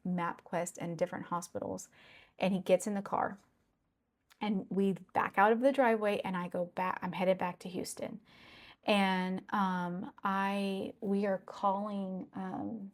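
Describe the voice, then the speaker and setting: A woman's voice: medium pitch, darkish tone. A middle-aged woman telling a personal story earnestly, repeating phrases and checking in with "okay?". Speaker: consultant sharing a personal story. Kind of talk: personal testimony.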